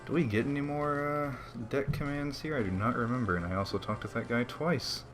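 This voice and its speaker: A man's voice: medium pitch, brisk, music in the background. A man giving laid-back, slangy commentary while playing a video game and chatting to his viewers. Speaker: let's play host. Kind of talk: casual gaming commentary.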